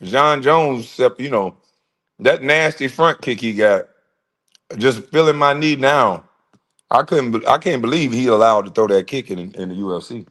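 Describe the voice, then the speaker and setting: Animated man chatting on a livestream. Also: medium pitch, moderate pace. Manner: animated, slangy storytelling with laughs. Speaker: livestream host. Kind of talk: casual livestream chat.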